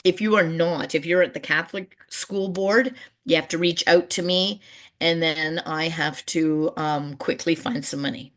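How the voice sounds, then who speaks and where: A middle-aged woman presenting on a video call webinar about community gardens, telling stories and lively when she quotes people. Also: deep voice, a little slow. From Canada. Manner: warm storyteller, animated when quoting people.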